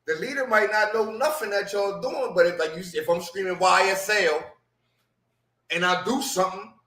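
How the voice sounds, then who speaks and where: A man's voice: sits high, moderate pace, sharp tone. A man in a casual podcast discussion who explains things by repeating key phrases. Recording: roomy echo.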